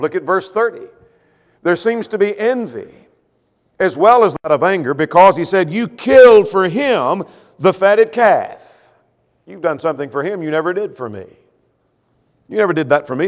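A man preaching a sermon, with rhetorical questions and swings between loud emphasis and quiet, low asides. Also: lively intonation, a little fast, long reverb tail.

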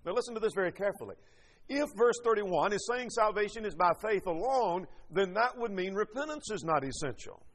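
High-voiced preacher in an echoing hall. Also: male voice, expressive, brisk, a bit bright. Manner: emphatic, rhetorical questions and scripture quotes. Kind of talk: sermon.

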